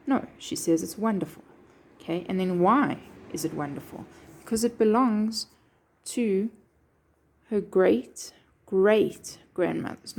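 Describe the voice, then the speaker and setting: A woman's voice: medium pitch, takes it slowly, gravelly, darkish tone, a little hiss or hum. A woman teacher explaining a poem line by line, checking in with her students with a frequent "okay". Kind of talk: poetry lesson explanation.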